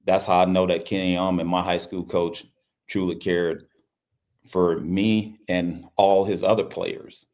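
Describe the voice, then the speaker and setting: A middle-aged man from Louisiana with a low, deep voice tells a personal story as an interview guest. He speaks earnestly and often repeats his phrases. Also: flat delivery, unhurried, darkish tone. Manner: earnest, repeats phrases, acts out quoted speech. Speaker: basketball coach and guest.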